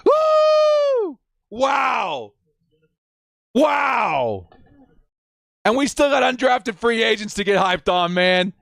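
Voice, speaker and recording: A man hosting a live stream, reacting with hype, shouting and whooping, and reading out viewer messages. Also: high-pitched, vocal fry, no room sound, clean studio sound.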